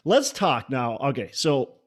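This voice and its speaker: A man's voice: medium pitch, very animated, measured pace. A man hosting a podcast interview, talking in a conversational way with frequent restarts. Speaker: podcast host. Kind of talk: casual interview talk.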